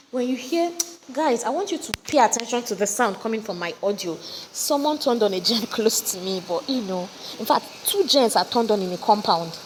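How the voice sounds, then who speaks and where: Casting: high-voiced Nigerian woman, lively teacher, reverberant room, faint generator hum behind her. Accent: Nigerian English. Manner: lively, chatty, rhetorical questions to students. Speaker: teacher explaining a poem. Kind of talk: casual recorded lesson. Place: home with generators running nearby. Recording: audio recording, reverberant, faint generator noise.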